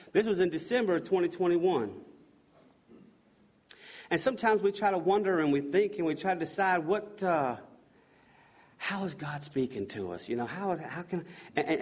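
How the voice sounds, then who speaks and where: A middle-aged man giving an earnest personal testimony, telling his story in a loose, conversational way with frequent restarts. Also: a little high. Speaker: volunteer sharing his faith story.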